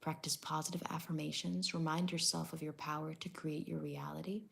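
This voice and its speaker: A woman's voice: low voice, little pitch movement, a little fast, vocal fry, fairly bright tone. A woman giving a casual tarot reading, hedging often and reading number meanings aloud from her tablet. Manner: hedging, repeats "I don't know" and "I'm getting that vibe"; reads definitions aloud from a tablet. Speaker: tarot reader.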